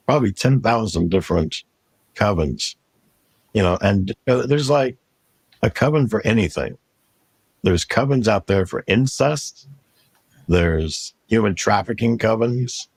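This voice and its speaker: Blunt male interviewee, gravelly and husky, dry close recording. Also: lowish voice, expressive, measured pace, long pauses, a little mellow, no room sound. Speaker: interviewee telling his testimony. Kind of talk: storytelling interview.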